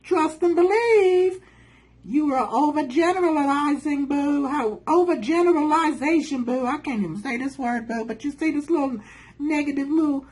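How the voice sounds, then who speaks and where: A woman's voice: high voice, normal speed, darkish tone, poor audio. A woman hosting a casual commentary, reading from a self-help book and calling her listener honey and boo in a sassy manner, laughing often. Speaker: channel host.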